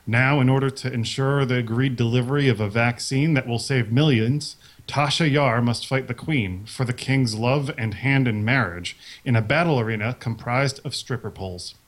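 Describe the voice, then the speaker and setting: A man's voice: mid-range voice, moderate pace. A man co-hosting a podcast, sharing trivia in a casual, offhand, joking way. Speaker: podcast co-host.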